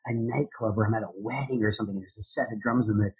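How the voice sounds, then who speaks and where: Man, podcast guest, energetic and enthusiastic, husky voice, muffled lo-fi sound. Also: lowish voice, very fast. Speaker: guest, drummer and motivational speaker. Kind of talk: conversational interview answers.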